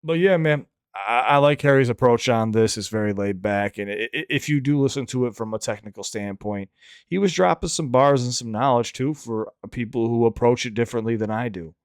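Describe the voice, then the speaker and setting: A man's voice: mid-range voice, a little fast, clean tone, dry recording, clean studio sound. Candid, swearing male reaction host. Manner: candid, rambling, frequent restarts and swearing. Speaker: reaction channel host and rapper. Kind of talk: casual commentary.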